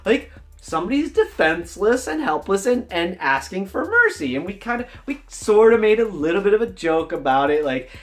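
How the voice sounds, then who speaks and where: A man vlogging about running a tabletop game, telling the story in an enthusiastic, animated way. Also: high-pitched, moderate pace, hardly any pauses. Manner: animated, enthusiastic, jumps between voices. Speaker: dungeon master, tabletop gaming vlogger. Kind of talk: casual storytelling vlog.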